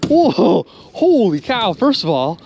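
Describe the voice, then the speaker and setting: A man hosting a magnet fishing vlog from a boat on a river, exclaiming excitedly and talking straight to his viewers. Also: high-pitched, slow pace. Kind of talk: excited outdoor vlog narration. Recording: clear outdoor boat and water noise. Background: boat and water noise.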